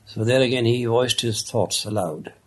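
A man telling a parable in an unhurried, conversational way, with many casual asides. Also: medium pitch. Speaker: storyteller. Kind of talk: casual spoken storytelling of a parable.

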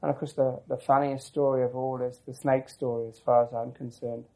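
A man's voice: mid-range voice, level tone, a little fast, creaky, darkish tone, rough recording. A man telling a long personal story as an interviewee, reflective and rambling, with frequent restarts and asides. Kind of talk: oral history storytelling.

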